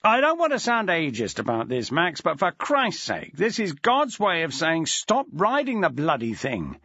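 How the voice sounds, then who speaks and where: A man's voice: on the high side, huge pitch swings, moderate pace, bright, forceful tone, dry recording, highs cut off, heavily acted. A man reading an audiobook, voicing a blunt, exasperated male headmaster who scolds and swears.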